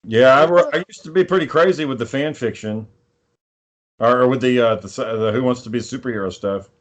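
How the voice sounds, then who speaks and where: A man's voice: medium pitch, brisk. Profane man telling rambling stories. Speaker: podcast host. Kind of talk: casual chat.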